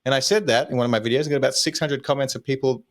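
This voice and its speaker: A man's voice: medium pitch, rapid-fire. A man with a broad Australian accent, a guest content creator talking in a casual, laid-back and self-deprecating way in a podcast interview.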